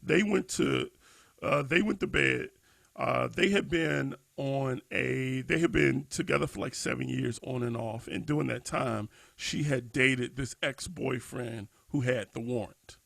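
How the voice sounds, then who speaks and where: A man's voice: medium pitch, a little slow, vocal fry, a bit bright, no echo. A man co-hosting a discussion podcast, thinking aloud with many restarts and fillers. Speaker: podcast co-host.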